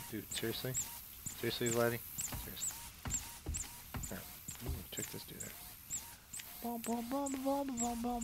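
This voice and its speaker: A man at a middle pitch chats loosely through a game session. He jokes, rambles, and reads in-game notes aloud in a casual commentary style. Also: noisy background. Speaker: gameplay commentator. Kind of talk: casual let's-play commentary.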